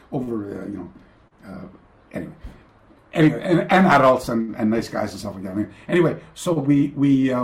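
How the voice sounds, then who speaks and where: Rambling male storyteller in an echoey room. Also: medium pitch. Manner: rambling, self-interrupting, many fillers and restarts. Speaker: karate master, podcast guest. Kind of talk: anecdotal storytelling in a remote interview. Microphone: video call.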